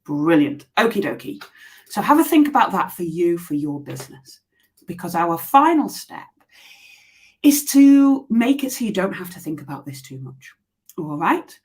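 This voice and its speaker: A woman teaches a live online workshop over a video call mic. She talks in a chatty, encouraging way, often pausing on fillers and restarting her sentences. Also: fairly low pitch, sing-song, darkish tone.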